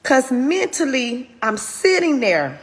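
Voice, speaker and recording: A woman shares a personal story in an earnest, open way. Her voice sits high and swings widely in pitch, and she talks at an unhurried pace. A long reverb trails behind each phrase. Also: very animated. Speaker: host. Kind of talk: personal testimony talk.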